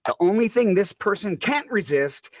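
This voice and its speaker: A man's voice: high voice, expressive, moderate pace, no echo. A man hosting a comedy open mic over a video call, loose and chatty.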